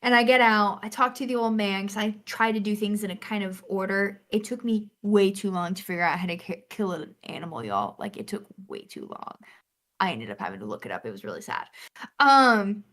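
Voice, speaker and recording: A young woman co-hosting a gaming podcast, telling a lively story and acting out the lines. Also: medium pitch, a little fast. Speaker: podcast co-host. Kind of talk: casual chat.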